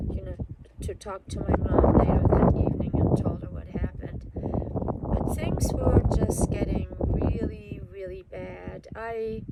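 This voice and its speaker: A woman from Germany, reflectively and candidly recounting her life story in an interview. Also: mid-range voice. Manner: reflective, candid, wry at times. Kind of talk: personal oral history. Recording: loud background noise, passing vehicles.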